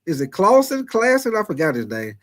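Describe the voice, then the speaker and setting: A fairly high-pitched man hosts a live sports show, talking loosely to his chat. He swings between hyped-up bursts and low, drawn-out asides, repeats himself a lot, and laughs easily. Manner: animated, repetitive, laughs often, calls chatters by name. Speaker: sports talk livestream host. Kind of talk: casual live chat reading super chats.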